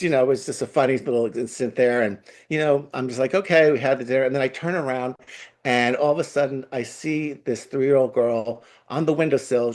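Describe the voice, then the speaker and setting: A man from Long Island with a Long Island accent, a guest telling an animated story and acting out the voices in it. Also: medium pitch. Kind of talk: casual storytelling.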